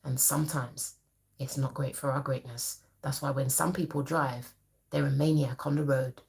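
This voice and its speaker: A woman's voice: extremely low pitch, fairly even intonation, normal speed, gravelly, a little mellow. A woman, a therapist, giving an emphatic, colloquial motivational talk to camera in a preachy manner.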